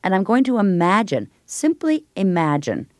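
A middle-aged woman voice teacher answering an interviewer, talking in an animated, explanatory way. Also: medium pitch, moderate pace, no room sound, studio quality. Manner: animated, explanatory, breaks into sung vowels. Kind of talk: interview answers with vocal demonstrations.

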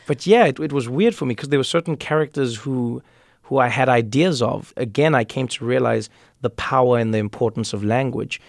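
Gravelly man in conversation. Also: mid-range voice, fairly quick, no room sound, clean studio sound. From South Africa. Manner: reflective, repeats words while thinking. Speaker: guest, comedian and author. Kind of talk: conversational interview.

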